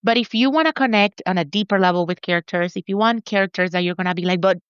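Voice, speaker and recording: A woman author chats in a casual interview, animated and self-assured, often breaking into laughter. Her voice sits at a middle pitch and sounds dry and close. The recording is slightly dull and lo-fi. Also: fast, clear, resonant tone, dry recording. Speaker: author guest.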